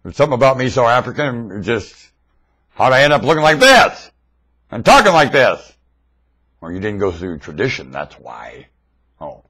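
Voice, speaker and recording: A man recorded on a webcam mic at home, rambling in a monologue that swings between loud outbursts and mumbling. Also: medium pitch, big pitch swings, moderate pace, pauses often, breathy edge.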